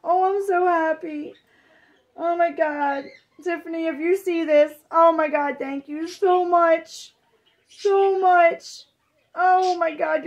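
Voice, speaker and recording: A woman vlogger chatting casually, gushing and rambling with excitement over a new arrival. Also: sits high. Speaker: reborn doll vlogger. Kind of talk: excited casual vlog chat.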